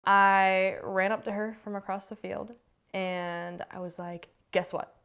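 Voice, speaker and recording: A woman's voice: mid-range voice, level tone, measured pace, gravelly, fairly bright tone, smooth, muffled recording. A young woman from the United States, a youth soccer player, recounts her story in a documentary interview, chatty and full of fillers.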